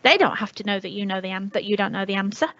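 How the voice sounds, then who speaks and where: A woman's voice: medium pitch, animated, very fast, a bit bright, dry recording, muffled recording. A woman in her fifties with a northern English accent from Leeds, talking through a webinar as an experienced language teacher, chatty and full of restarts. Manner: chatty, anecdotal, many restarts. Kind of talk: webinar talk.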